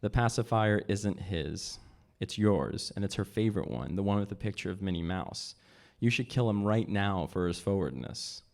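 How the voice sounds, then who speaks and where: Man reading fiction aloud, low voice. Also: lively intonation, creaky. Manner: measured, voices dialogue with pitch jumps. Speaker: author reading his novel. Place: live reading event.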